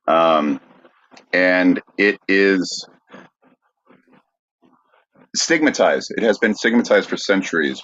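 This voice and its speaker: A man from the United States co-hosting a podcast, reading notes aloud with many halting fillers. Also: a bass voice, fairly bright tone, lo-fi sound. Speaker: podcast co-host.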